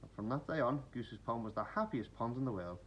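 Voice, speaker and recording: A man reading a children's picture book aloud in an expressive bedtime-story manner. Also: mid-range voice, brisk, muffled recording, slight background noise. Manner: animated, expressive.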